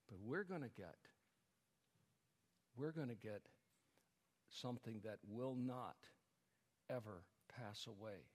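A man preaching a sermon to his congregation, building to emphatic, forceful passages. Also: medium pitch. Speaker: pastor. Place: church sanctuary. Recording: church hall with long reverb.

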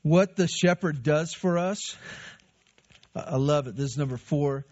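A man's voice: on the high side, unhurried, darkish tone, dull audio. A man preaching a sermon in a conversational way, asking rhetorical questions and answering them. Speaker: pastor.

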